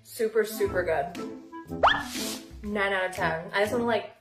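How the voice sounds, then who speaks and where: A woman's voice: medium pitch, moderate pace, reverberant, over loud music. A woman casually reviewing snacks on camera, chatty and giggly, sometimes talking with her mouth full. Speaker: snack taster.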